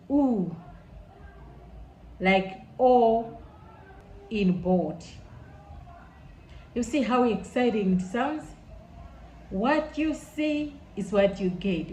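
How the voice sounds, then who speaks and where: A woman from Malawi with a Malawian accent, teaching a language lesson in an enthusiastic way and repeating words slowly for learners. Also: medium pitch, a little mellow. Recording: echoey room with faint noise.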